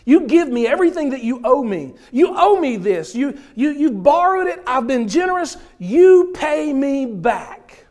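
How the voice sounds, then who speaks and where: Brief: a preacher plays a threatening male debtor, lilt, high, shouted and rushed. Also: sing-song, exaggerated voice. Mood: furious. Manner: loud, rapid and threatening. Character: angry male debtor-slave choking a fellow slave.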